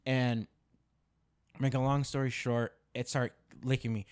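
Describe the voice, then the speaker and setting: A man's voice: mid-range voice, little pitch movement, measured pace, a little mellow, clean tone. A man co-hosting a podcast, telling a story in casual chat, swearing often and repeating himself for emphasis. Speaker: podcast co-host.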